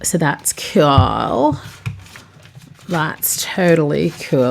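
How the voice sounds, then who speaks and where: A woman's voice: deep voice, animated, slow, pauses often, music in the background. A woman chatting casually about her tarot decks, rambling and saying "like" a lot. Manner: chatty, rambling, says "like" often. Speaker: tarot reader and vlogger. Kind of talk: casual chat.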